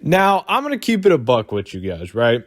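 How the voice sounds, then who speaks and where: A man's voice: mid-range voice, huge pitch swings, moderate pace, dry recording. A man from the United States giving casual, rambling reaction commentary and swearing freely. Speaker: commentary YouTuber.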